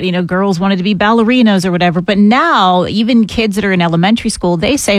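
Steady woman explaining in casual chat. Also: fairly low pitch, fairly quick, few pauses, no room sound. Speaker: podcast co-host.

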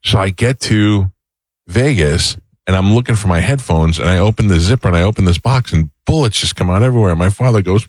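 A man's voice: fairly low pitch, expressive, a little fast, no echo. A man hosting a talk radio show, chatting casually, laughing easily and rambling through anecdotes.

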